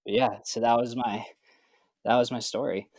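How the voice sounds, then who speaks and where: Speaking at normal speed in a mid-range voice, this certified athletic trainer relaxes into a casual story. He acts out what people said and peppers it all with fillers.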